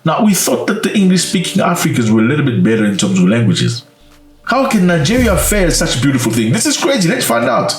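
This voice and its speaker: A man chatting in a casual commentary, his pitch rising and falling with feeling and sometimes sinking to a hushed aside. He sounds a little distant from the microphone, with a roomy echo around him. Faint music plays underneath. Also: quick pace. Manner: animated, expressive, drops to hushed asides. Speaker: commentary channel host.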